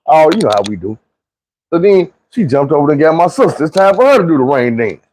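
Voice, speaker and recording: A man's voice: fairly high pitch, big pitch swings, fairly quick, darkish tone, low-quality recording. A young man with a Southern US accent telling a casual, slangy, profane storytime. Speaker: storyteller vlogger.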